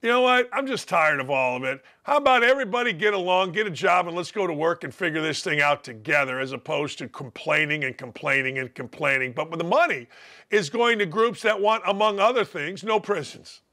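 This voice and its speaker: Brash, bright-voiced male sports host. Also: fairly high pitch, brisk. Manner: brash, combative, mocking. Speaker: sports talk show host. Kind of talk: opinionated sports talk monologue.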